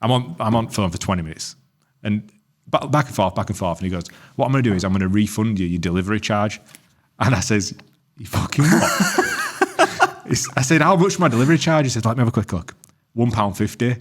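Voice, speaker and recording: Man, low voice, podcast co-host, sweary storyteller, acts out dialogue. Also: quick pace. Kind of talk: casual chat.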